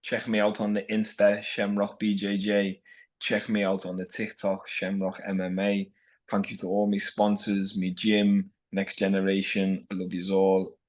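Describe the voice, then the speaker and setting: A man's voice: low-pitched, little pitch movement, moderate pace, darkish tone. A man with a Scouse accent from Liverpool, a fighter talking bluntly and brashly as a podcast guest. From Liverpool, England. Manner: brash, blunt, says "lad" constantly. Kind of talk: casual podcast chat.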